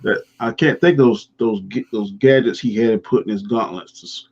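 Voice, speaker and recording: A man chatting casually on a live stream, relaxed and agreeable, making short remarks. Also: lowish voice, normal speed. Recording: dull, lo-fi audio.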